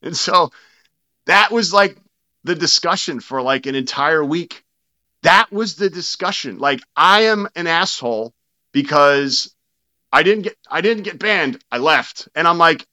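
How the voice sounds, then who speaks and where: A man's voice: on the high side, animated, measured pace, sharp tone. A man speaking as a podcast guest, telling a story bluntly, swearing freely and quoting his own past arguments. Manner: blunt and profane, retelling arguments in his own quoted words. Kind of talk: casual interview storytelling.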